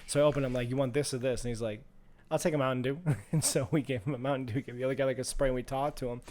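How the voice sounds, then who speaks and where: A man's voice: medium pitch, steady tone, rapid-fire, darkish tone. Young man telling a rambling story. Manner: rambling, profane, laughs through his stories. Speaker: podcast co-host. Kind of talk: casual storytelling.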